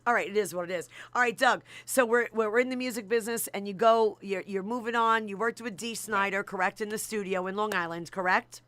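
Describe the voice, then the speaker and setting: A woman hosting a live internet radio show, chatty and excitable, joking between questions. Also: medium pitch, a little fast, hardly any pauses, no echo.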